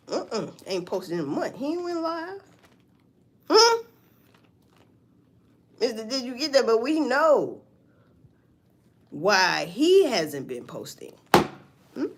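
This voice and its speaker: Animated woman gossiping on a livestream. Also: mid-range voice. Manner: profane, animated gossip with mocking asides. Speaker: livestream host. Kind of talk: casual livestream commentary.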